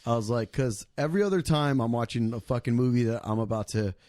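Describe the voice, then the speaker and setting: A man's voice: medium pitch, fast, a little mellow, no room sound. A man hosting a casual podcast chat over drinks, rambling with plenty of swearing, fillers and restarts. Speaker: podcast host.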